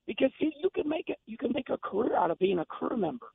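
A man's voice: extremely high pitch, big pitch swings, fast talker, gravelly, slightly rough, no echo. A middle-aged man, a former race driver, talking as a guest on a radio show in an emphatic, folksy way, repeating words and restarting sentences. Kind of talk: casual radio chat. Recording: tinny phone line.

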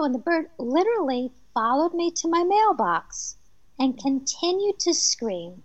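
Animated New Jersey woman telling stories. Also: high voice, measured pace, no echo, highs cut off. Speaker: medium, podcast guest. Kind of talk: casual storytelling interview.

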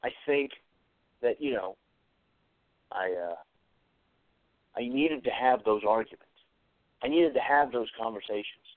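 Hosting his atheist commentary show, this man speaks at medium pitch and a measured pace, pausing often as he delivers a reflective, earnest monologue alone. He repeats short phrases and hesitates frequently, and the tinny, phone-like recording is dry with no echo.

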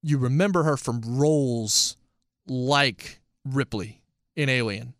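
A man casually reviewing a TV series, talking in an emphatic, animated way. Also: medium pitch, takes it slowly, dry recording, studio quality.

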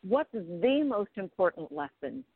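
A woman's voice: medium pitch, expressive, unhurried, slightly rough, no echo. Encouraging woman host on a dry phone line. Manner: encouraging, explains ideas to listeners. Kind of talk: interview over the phone.

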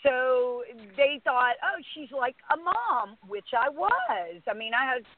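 A middle-aged woman hosting a casual chat, telling stories in an animated way and acting out what others said. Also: sits high, slow, dry recording. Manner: animated storyteller, acts out quotes. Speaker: host. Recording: tinny phone line.

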